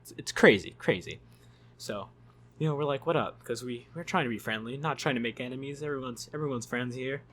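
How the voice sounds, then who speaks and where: A man's voice: medium pitch, a little fast, fairly bright tone, slight background noise. A man telling a story in a casual vlog, rambling, swearing and laughing as he goes. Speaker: YouTube storyteller.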